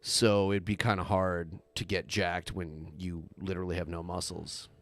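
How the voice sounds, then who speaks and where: A man's voice: low voice, flat delivery, normal speed, no echo. A man co-hosting a podcast, talking casually in a sarcastic, teasing way. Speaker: podcast co-host. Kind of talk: casual chat.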